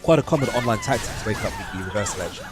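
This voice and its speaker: A man's voice: lowish voice, lively intonation, very fast. A man co-commentating a fighting game tournament, bantering dryly with his partner. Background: music.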